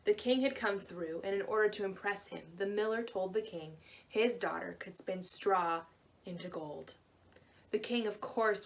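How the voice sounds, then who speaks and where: A woman librarian telling a fairy tale to children in a gentle, expressive way. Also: medium pitch. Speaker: librarian storyteller. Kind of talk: storytelling to children.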